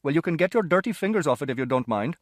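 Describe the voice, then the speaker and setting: A man playing a curt, gruff shopkeeper. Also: fairly high pitch, animated, very fast, no echo, clean studio sound, lightly acted. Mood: exasperated. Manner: curt, brusque and exasperated. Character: impatient gruff male shopkeeper, middle-aged.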